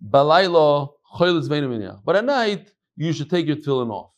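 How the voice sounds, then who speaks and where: Animated middle-aged rabbi teaching Talmud. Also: male voice, on the high side, brisk. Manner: animated, jumps between quoting Aramaic and chatty English. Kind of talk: Talmud lecture with casual asides.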